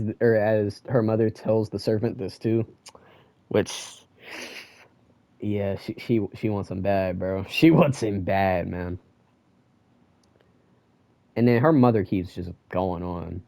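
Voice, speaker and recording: A young man giving a casual manga chapter review, ranting and excitable and full of slang. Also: fairly low pitch, slow pace, pauses often, dry recording.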